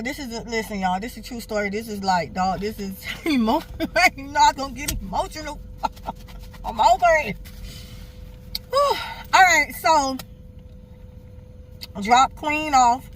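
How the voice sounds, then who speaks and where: A woman's voice: fairly high pitch, a little hiss or hum. Candid woman telling a personal story. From Miami, Florida. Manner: animated, candid, swears freely, keeps addressing viewers. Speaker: vlogger.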